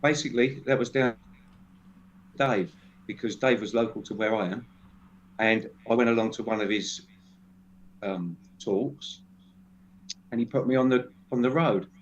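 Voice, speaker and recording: A man speaking as a guest in a casual discussion, halting and restarting often. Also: mid-range voice. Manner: halting, many restarts and fillers. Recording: dull lo-fi sound with faint noise.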